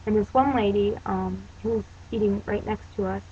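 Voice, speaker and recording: A woman's voice: medium pitch, fairly even intonation, moderate pace, mellow, breathy edge. A teenage girl from Pennsylvania telling a story to her camera in a chatty, rambling way, full of "um" and "like". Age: teens. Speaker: vlogger. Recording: dull lo-fi home video with faint hiss.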